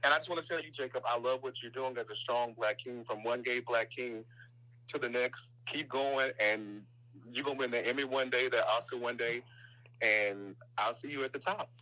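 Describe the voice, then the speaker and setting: Man, Southern accent, caller, chatty, animated, bright tone. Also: mid-range voice, normal speed, low-quality recording. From Nashville, Tennessee. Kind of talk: phone-in question to a podcast.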